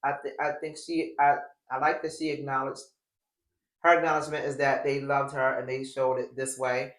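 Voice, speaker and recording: A woman's voice: rumbling low, flat delivery, normal speed. A woman hosting a recap show in casual chat, blunt and rambling, with many fillers and frequent swearing. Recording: echoey room.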